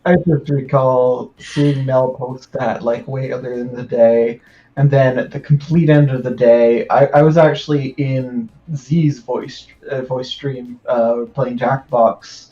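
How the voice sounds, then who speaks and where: Man, casual stream co-host, easygoing, mid-pitched, slightly muffled lo-fi mic. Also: steady tone, unhurried, dark tone. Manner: easygoing, reads viewer questions. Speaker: stream co-host reading chat. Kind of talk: casual chat on a live stream.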